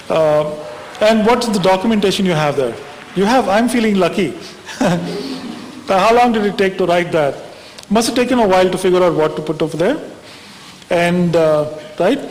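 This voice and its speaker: High-voiced man speaking in a hall. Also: darkish tone. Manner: conversational, wry, frequent "right?" asides. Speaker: conference speaker. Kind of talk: conference talk. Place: conference hall. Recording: reverberant hall, faint background hiss.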